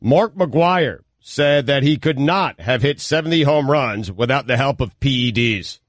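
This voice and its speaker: A man's voice: mid-range voice, expressive, a little slow, no echo. Dry-voiced man co-hosting radio. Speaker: radio co-host. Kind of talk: casual sports radio banter.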